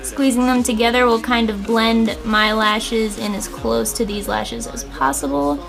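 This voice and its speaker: A woman's voice: on the high side, fairly even intonation, measured pace, gravelly, fairly bright tone. A woman hosting a makeup tutorial, chatting casually and explaining each step with self-deprecating asides. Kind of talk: casual how-to talk.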